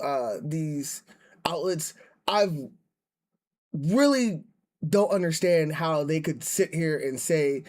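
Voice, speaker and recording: During a casual live stream, a high-voiced man rants and rambles, restarting his sentences again and again. He keeps circling back to the same point as he chats.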